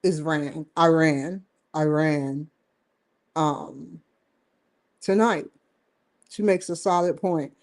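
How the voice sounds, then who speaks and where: Brief: woman host of a one-person stream show, slow, chatty, laughs a lot, easily sidetracked. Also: low-pitched, darkish tone. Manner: rambling, jokey, laughs often. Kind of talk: casual livestream chat.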